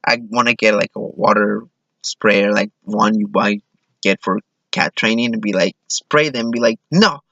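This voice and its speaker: Guy from mexico telling a funny story on himself, slow talker, kinda dull lo-fi sound. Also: lowish voice, fairly even intonation, creaky, bright, forceful tone, no room sound. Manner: self-deprecating, acts out quoted voices. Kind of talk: live personal storytelling.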